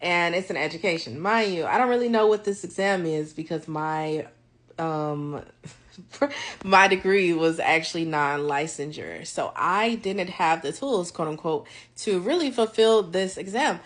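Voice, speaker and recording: Brief: young woman, lowish voice, lively storyteller recounting her faith journey to camera. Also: unhurried. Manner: animated, acts out conversations with God. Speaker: vlogger. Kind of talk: casual faith testimony storytelling.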